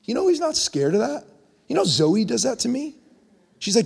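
A young man preaching a conversational sermon, his voice climbing in pitch when he presses a point. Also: very animated, moderate pace, gravelly, darkish tone, husky. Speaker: pastor. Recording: long hall reverb.

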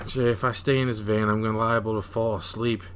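An actor playing an excitable young male gravedigger who talks in an animated, exasperated way. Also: on the low side, brisk, a little hiss or hum, natural voice.

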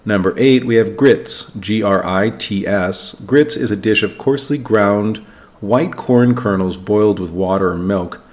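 A man hosts an English-learning podcast and reads a scripted vocabulary lesson with a fairly low voice. He talks clearly and slows down to spell each word letter by letter for learners. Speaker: podcast host, English teacher.

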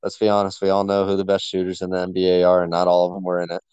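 Male podcast co-host, low-pitched, excitable and rambling, dry lo-fi recording. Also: racing, clear, resonant tone, no echo. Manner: enthusiastic, rambling with many fillers. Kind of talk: casual sports chat.

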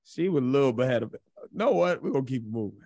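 A man's voice: medium pitch, quick pace, no room sound. Laughing, profane young man telling stories. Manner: animated storytelling, laughs often, profane. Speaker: podcast co-host. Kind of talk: casual chat.

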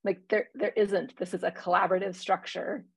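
A woman in casual conversation as a church minister, talking reflectively with many pauses and fillers. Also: fairly low pitch, flat delivery, dry recording, rough recording. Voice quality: husky, gravelly.

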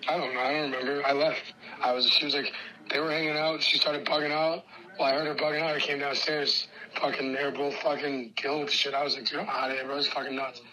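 A young man in a heated, profane casual rant, agitated and swinging between loud outbursts and hushed mutters. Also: a little high, little pitch movement, quick pace, poor audio.

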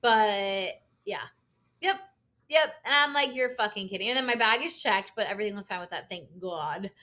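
A woman's voice: medium pitch, normal speed, bright, forceful tone. A young woman in casual chat, telling a story with lots of fillers and cursing.

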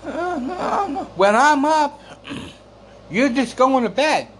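Exasperated man venting, high lively voice. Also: slow pace, slight background noise. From United States. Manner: exasperated, rambling, swears, repeats words. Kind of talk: casual storytelling rant.

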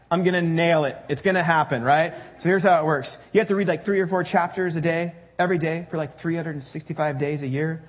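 A man's voice: a little high, fairly even intonation, quick pace, hardly any pauses. A man preaching a sermon to his church congregation, in a conversational, joking way that puts questions to the crowd. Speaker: pastor.

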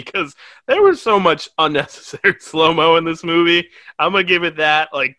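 A man's voice: a little high, fairly even intonation, fairly quick, sharp tone, dry recording. A young man hosting a podcast, reviewing a movie in casual, rambling chat that is full of swearing and laughter. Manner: rambling, profane, laughs often. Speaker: podcast host.

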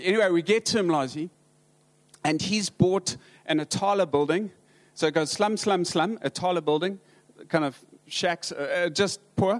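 South African pastor telling funny stories. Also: male voice, on the high side. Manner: halting, with frequent restarts and dry humor. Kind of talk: humorous storytelling sermon.

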